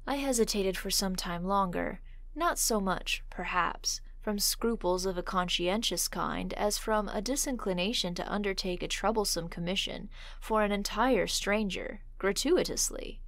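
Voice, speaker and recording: A woman reading a humorous horror story aloud in calm, even narration. Her pitch sits in the middle, and the recording is close and dry with no room sound. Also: measured pace, dry recording. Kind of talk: scripted narration.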